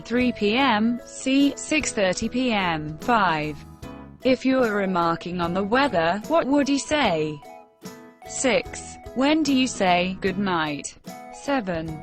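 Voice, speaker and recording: Woman reader for a language-lesson recording, very slow and deliberate, mid-pitched, faint music under the voice. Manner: measured, careful dictation pace. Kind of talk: slow textbook reading for learners.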